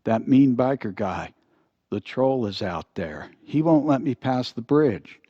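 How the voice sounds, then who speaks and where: A man's voice: medium pitch, expressive, a little slow, mellow, husky, no echo. An older man playing a timid little young guy. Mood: nervous. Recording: dull, lo-fi dry recording.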